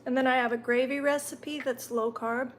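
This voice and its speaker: A woman's voice: high voice, fairly even intonation, normal speed, a little hiss or hum. A woman hosting a casual live stream from home, chatting and answering viewer comments while she eats, sometimes talking through a mouthful. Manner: talks while chewing.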